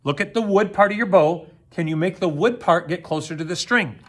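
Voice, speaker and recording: A man's voice: sits high, brisk. A man teaching an orchestra video lesson to children, counting aloud, joking with them and demonstrating on string instruments. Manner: jokey, playful asides to kids. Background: plucked string instrument demonstrations.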